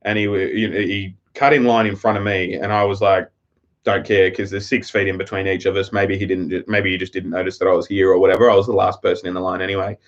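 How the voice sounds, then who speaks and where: A man's voice: deep voice, little pitch movement, fast talker, hardly any pauses. A man with an Australian accent chatting on a live stream, telling a rambling, profane story. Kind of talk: casual live-stream chat. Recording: slightly dull lo-fi audio.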